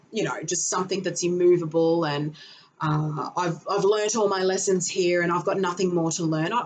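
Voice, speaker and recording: A woman's voice: mid-range voice, a little hiss or hum, low-quality recording. A middle-aged woman giving a casual astrology lesson, emphatic and repetitive, now and then swearing. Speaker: astrology teacher. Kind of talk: casual teaching talk to camera.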